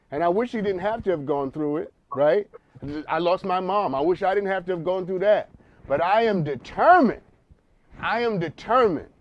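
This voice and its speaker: A man's voice: fairly high pitch, no echo, highs cut off. A man hosting a counseling talk show, speaking emphatically in a preacherly way and repeating words as he builds a point.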